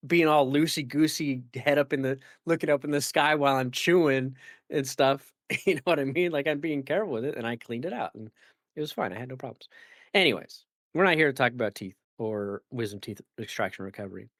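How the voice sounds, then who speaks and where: A man's voice: medium pitch, a little fast, fairly bright tone, dry recording. Rambling male podcast host, dry sound. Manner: rambling, filler-heavy and self-correcting. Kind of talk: casual podcast chat.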